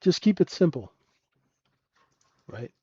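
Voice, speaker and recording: Blunt, slow-talking trading room host. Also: male voice, fairly high pitch, very animated, mellow, breathy edge, no room sound, dull audio. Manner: casual, joking, keeps asking "right?"; blunt and profane. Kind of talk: live day-trading commentary.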